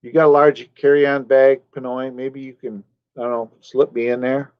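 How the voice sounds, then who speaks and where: A man's voice: medium pitch, level tone, moderate pace, clear, resonant tone, no room sound. Man, live streamer, rambling casual chat, dry close mic, dull lo-fi sound. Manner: rambling, talks to chat viewers by name.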